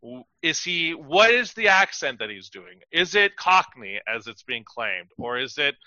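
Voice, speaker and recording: A man's voice: on the high side, sing-song, measured pace, pushed and bright, no echo. A man co-hosting a podcast in casual chat, hesitant and hedging, with many filler words. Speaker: podcast co-host. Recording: dull, dry lo-fi mic.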